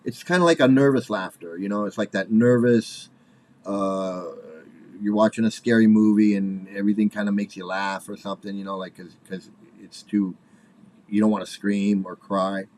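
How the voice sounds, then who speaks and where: A man in his forties giving casual spoken commentary, halting and repeating himself, with nervous laughs, worked up and angry. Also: on the low side, fairly even intonation, a little mellow. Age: 40s.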